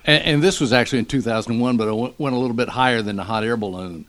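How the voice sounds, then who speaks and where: A middle-aged man, a radio morning show host, telling a story in a lively, animated way. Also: mid-range voice, rapid-fire. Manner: animated storyteller, acts out quotes. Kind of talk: casual storytelling.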